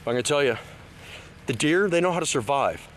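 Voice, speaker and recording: A man's voice: fairly high pitch, lively intonation, fairly quick, fairly bright tone, a little hiss or hum. Rambling emotional man on an outdoor tour. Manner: rambling, hesitant with many fillers, turning heated and preachy. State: emotional, teary at times. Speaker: vlogger giving a park tour. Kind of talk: casual one-take outdoor vlog talk. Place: outdoors at a lakeside state park.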